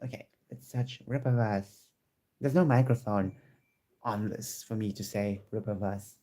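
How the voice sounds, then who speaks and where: A man talking casually to his viewers from home in a chatty, excitable way, often restarting his sentences. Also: fairly low pitch, unhurried. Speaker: vlogger. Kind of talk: casual chat to camera. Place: home room with squeaky chairs.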